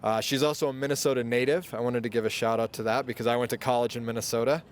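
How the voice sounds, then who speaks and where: A man's voice: mid-range voice, fairly even intonation, very fast, slight background noise. A man emceeing an outdoor press event, reading speaker introductions with a light, self-deprecating touch.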